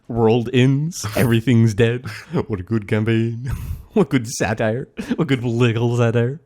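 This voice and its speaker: A man's voice: medium pitch, normal speed, warm tone. A man co-hosting a podcast in casual chat, playful and joking, laughing often between lines. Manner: playful, laughs often, jokey put-on voices. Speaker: podcast co-host.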